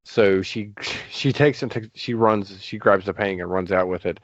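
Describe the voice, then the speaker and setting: Male podcast host, very low pitch, dry dull sound, rambling recap delivery. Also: normal speed, dry recording. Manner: rambling recap with frequent fillers and hedges. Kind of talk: casual movie discussion.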